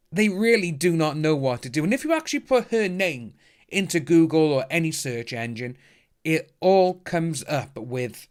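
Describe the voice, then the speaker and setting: A chatty man runs a casual livestream, upbeat and loose as he reads out viewer comments. His voice sits a little higher than most men's. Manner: chatty, upbeat, thanks donors by name. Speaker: livestream host reading chat. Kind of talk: casual live stream chat.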